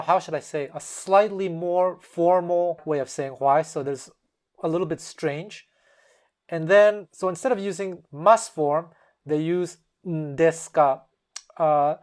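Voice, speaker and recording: A host gives a relaxed, casual lesson a little slowly, explaining examples step by step in a middle-pitched voice. Now and then he shifts into a different tone to act out an example phrase.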